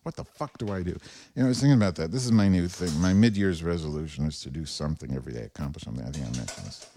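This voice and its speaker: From home, a man hosts his own podcast on a wireless lavalier mic, rambling through a profane, self-deprecating solo monologue. His very deep, mellow voice comes out rapid-fire, with slight background noise.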